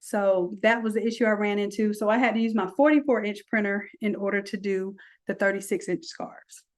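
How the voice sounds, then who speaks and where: A woman walking through a software design tutorial, chatty, with folksy asides. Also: mid-range voice, fairly even intonation, brisk. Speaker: design instructor. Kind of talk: screen-recorded software tutorial.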